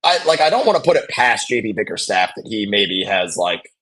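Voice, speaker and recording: A man hosting a live basketball watch-along, chatting casually and calling plays with excitement. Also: on the low side, brisk. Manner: chatty, excitable, reacts loudly to big plays.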